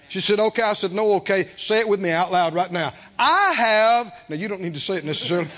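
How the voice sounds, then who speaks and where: A man preaching a sermon, fervent and rising to emphatic shouts. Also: high-pitched, very animated, moderate pace. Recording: dull lo-fi sermon recording.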